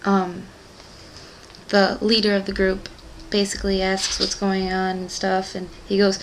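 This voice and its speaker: A woman's voice: medium pitch, completely flat delivery, moderate pace, vocal fry, background noise. A young woman rambling through a casual book recap, chatty and gushing, full of "like" and "um.". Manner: gushing fan enthusiasm. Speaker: book club vlogger.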